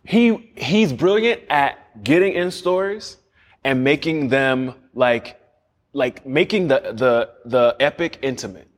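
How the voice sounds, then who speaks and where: Man, interview guest, casual storytelling, animated, restarts sentences, echoey room. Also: mid-range voice, slow pace. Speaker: guest, series creator.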